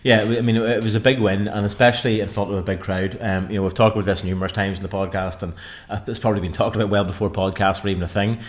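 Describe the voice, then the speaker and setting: A man with a fairly low voice, co-hosting a football podcast. He rambles through his points, stopping and restarting often, in an easy conversational way. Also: flat delivery, fast, hardly any pauses. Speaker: podcast co-host. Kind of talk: casual football chat.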